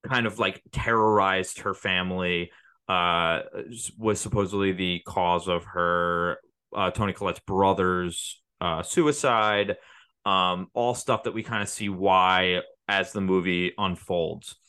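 A man's voice: low-pitched, steady tone, takes it slowly, sharp tone, clear, resonant tone, no room sound. A man co-hosting a casual movie podcast, rambling through the plot with many restarts and fillers. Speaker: podcast co-host.

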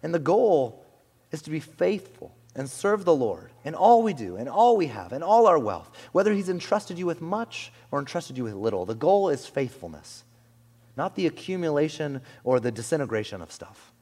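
A man preaching a sermon in a conversational, animated way, often saying "like" and "you know", in a church hall. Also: on the high side, normal speed. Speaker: pastor.

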